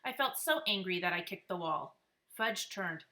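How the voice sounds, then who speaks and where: A woman reading a children's book aloud with lively, expressive narration. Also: fairly low pitch, normal speed. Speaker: reader.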